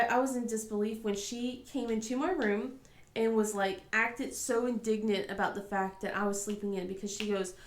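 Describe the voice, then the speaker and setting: Woman with a cold, scratchy throat, rambling casual chat, fairly high voice, echoey room. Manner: rambling, many ums, frequent laughs. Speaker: crafting vlogger and mother.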